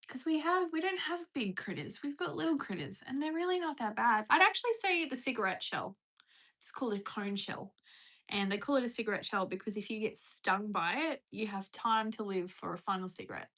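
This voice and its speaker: A woman's voice: a little high, expressive, brisk, bright, forceful tone. An Australian woman chatting casually on a live stream, reading viewer questions aloud and rambling through her answers.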